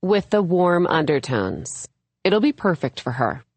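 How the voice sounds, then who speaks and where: Laid-back male hairdresser, read by a female narrator: low, slow, casual. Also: big pitch swings, darkish tone, no echo, full character voice.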